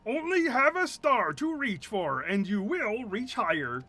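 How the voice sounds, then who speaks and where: A man's voice: high-pitched, sing-song, pushed and bright, pitched above the performer's own voice, exaggerated voice. A man doing a solemn, earnest old-world sage. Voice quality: measured, formal, slow delivery. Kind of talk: game dialogue read aloud in voices.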